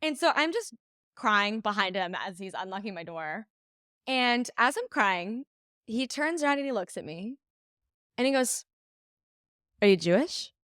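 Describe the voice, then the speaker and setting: An animated podcast co-host shares a story in casual conversation, voicing the quotes and laughing a lot. Her voice is on the higher side at a moderate pace, captured in clean studio sound with no room tone.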